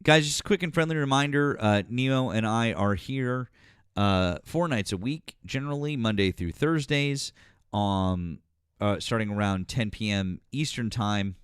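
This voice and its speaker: A man's voice: lowish voice, a little slow, clean tone, no room sound, studio quality. Laid-back man hosting a stream. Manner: rambling, swears, many fillers, reads chat aloud. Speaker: livestream politics host. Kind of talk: casual livestream chat.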